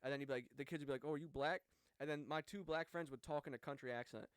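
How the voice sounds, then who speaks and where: A man's voice: mid-range voice, fairly even intonation, racing, clean tone, no echo. A young American man in his twenties, co-hosting a casual podcast chat. He rambles, restarting his sentences and filling gaps with fillers. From United States. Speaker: podcast co-host.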